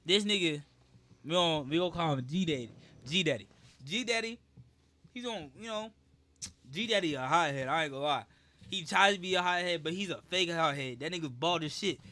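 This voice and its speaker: A young man telling a story in a casual, animated and profane way, swearing for emphasis. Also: a little high, fairly quick. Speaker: streamer.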